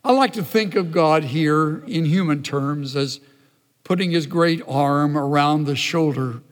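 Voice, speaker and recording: A man preaching a sermon in a deliberate, dramatic way, sometimes dropping almost to a whisper. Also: fairly high pitch. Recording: long hall reverb.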